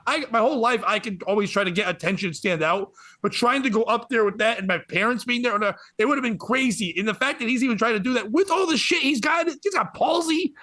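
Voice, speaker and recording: A man in his forties, a comedian guest, telling a story in casual podcast chat, getting excited and laughing through it. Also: very high voice, quick pace, no echo, studio quality. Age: 40s.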